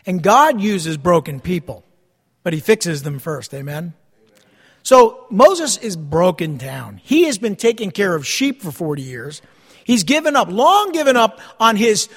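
A man preaching a sermon as pastor, repeating key phrases with dramatic pauses. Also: sits high, in a large hall.

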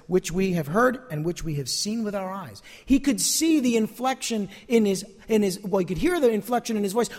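A man preaches a sermon as a pastor in a high-sitting voice with a long reverb tail. He is earnest and emphatic, repeating key phrases to give them weight.

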